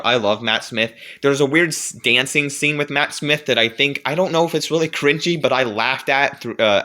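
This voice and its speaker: A man's voice: mid-range voice, a bit bright. A man reviewing movies in a casual vlog, rambling along with many fillers and restarts.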